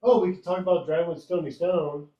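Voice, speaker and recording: A man co-hosting a podcast who chimes in with quick bits of banter. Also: high voice, fairly even intonation, dark tone, highs cut off. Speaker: podcast co-host. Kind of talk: casual podcast chat. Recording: roomy echo.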